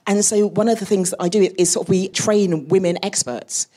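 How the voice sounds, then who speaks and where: A woman's voice: mid-range voice, normal speed. A woman space scientist on a live podcast panel, telling stories with laughter. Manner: lively, laughing storyteller. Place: live venue before an audience.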